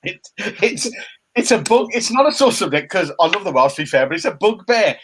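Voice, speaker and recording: A middle-aged man, co-hosting a casual chat show from home and given to animated, jokey rants. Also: sits high, brisk, a little hiss or hum. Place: home room by a window. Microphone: laptop camera.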